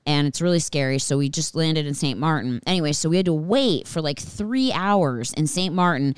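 Casual podcast host, female, low pitch, swears freely, dry close recording. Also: normal speed, clean tone, no room sound. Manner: animated, swears constantly, anxious rambling. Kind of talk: casual storytelling monologue.

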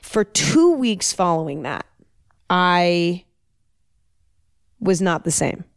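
A young woman hosting a podcast tells a personal story casually and emphatically, repeating words for stress. Her voice is lowish and expressive, her pace slow, with clean studio sound and no room noise.

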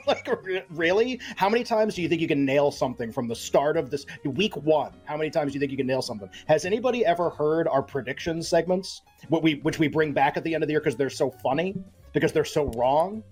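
A man co-hosting a sports betting podcast, talking in a casual, animated and sarcastic way with lots of fillers. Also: on the high side, fast talker, husky, soft background music. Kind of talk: casual chat.

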